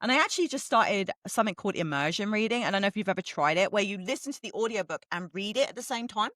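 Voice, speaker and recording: Give me a fast-talking middle-aged woman from England chatting on a podcast with a lively, swooping voice. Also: medium pitch, no room sound. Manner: fast-talking, animated, swears freely. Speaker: podcast co-host. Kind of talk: casual chat.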